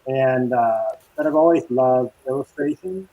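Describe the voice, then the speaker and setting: A man's voice: mid-range voice, unhurried, dry recording. A man in his fifties, a guest speaking over a video call, cheerful and laughing as he talks. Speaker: guest costume designer. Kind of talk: casual video-call interview. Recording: tinny, dry video-call audio.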